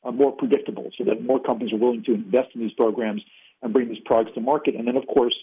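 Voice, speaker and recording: A man's voice: medium pitch, fairly even intonation, fast, husky. A man speaking as an interview guest over the phone, fluent and policy-focused, with frequent "you know" fillers. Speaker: interview guest, former agency official. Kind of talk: interview on a call-in line. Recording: tinny phone line.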